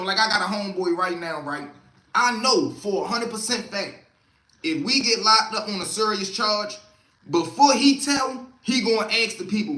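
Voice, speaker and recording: A streetwise man hosts a casual livestream, telling stories from the street and calling out to viewers by name. His voice sits high and sounds bright and forward. An echoey room surrounds him. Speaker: livestream host.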